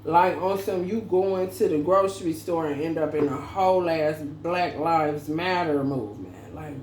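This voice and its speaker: A woman's voice: deep voice, unhurried, a little mellow. A woman who is a parent, giving a casual, profane tarot reading with lots of slang and laughter. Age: adult parent. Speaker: tarot reader. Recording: echoey room with faint background noise.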